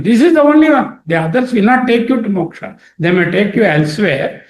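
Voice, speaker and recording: Animated teacher, lively high voice. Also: male voice, fairly quick, roomy sound. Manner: repeats and drills each word, asks himself questions and answers them. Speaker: teacher of scripture. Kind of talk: explaining a Sanskrit text to a study circle.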